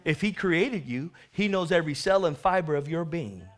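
A fairly high, expressive male voice at ordinary speed delivers a sermon to the congregation. He brings the Bible tale to life, dropping into soft asides and then rising into loud, stretched shouts.

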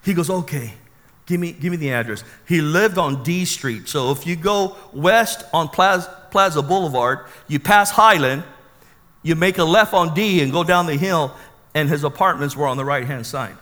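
A man recounts his testimony in an animated, dramatic sermon style. His voice is bright and forceful and sits a little high for a man. A long reverb rolls after his words, as in a large hall. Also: normal speed. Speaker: preacher giving his testimony.

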